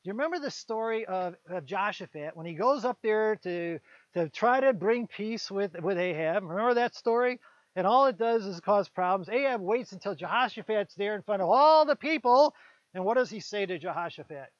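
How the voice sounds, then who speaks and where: A man preaching a conversational sermon, retelling a Bible story with quick voiced asides for its characters. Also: sits high, expressive, dry recording. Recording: dull, lo-fi sound.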